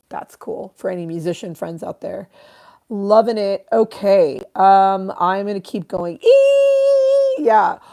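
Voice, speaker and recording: A woman in her thirties hosts a casual livestream in a low, gravelly, slightly mellow voice. She rambles, swears freely, and reads out chat comments.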